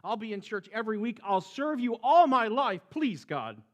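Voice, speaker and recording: A man acting out a terrified man who is hanging from a branch on a cliff and shouting and pleading for help in a strained, high voice. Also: huge pitch swings, slow, full character voice.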